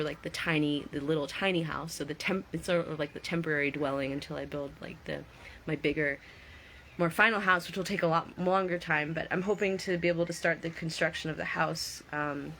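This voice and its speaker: A woman's voice: sits low, fairly bright tone, slight background noise. A woman vlogger chatting casually with her viewers, greeting them by name and reflecting aloud. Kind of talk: casual live-stream chat.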